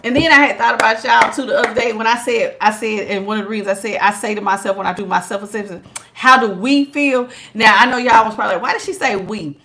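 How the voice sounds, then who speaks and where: Slight background noise sits behind this woman's creaky, medium-pitched voice as she talks quickly with hardly any pauses. She's a tarot reader on a live stream, chatty and teasing, laughing a lot, addressing viewers directly as child and honey.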